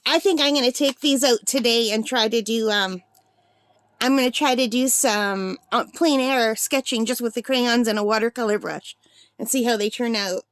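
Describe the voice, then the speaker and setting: A sixty-year-old woman unboxing a birthday gift on her vlog, gushing with breathless excitement. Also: a little high, moderate pace, dry recording, clean studio sound. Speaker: art supply vlogger.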